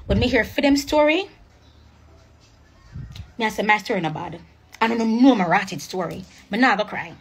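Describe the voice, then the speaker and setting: A young woman with a Jamaican accent, livestreaming a rambling, preachy sales pitch for her network marketing business. She repeats herself and slips into patois. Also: expressive, moderate pace, long pauses, husky, faint music behind. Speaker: live streamer promoting a network marketing business. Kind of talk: casual live-stream sales pitch.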